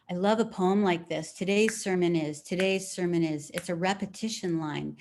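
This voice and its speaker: Leading a live writing class by video call, this middle-aged woman speaks in an easy, encouraging manner and reads poems slowly aloud. Her voice sits on the low side.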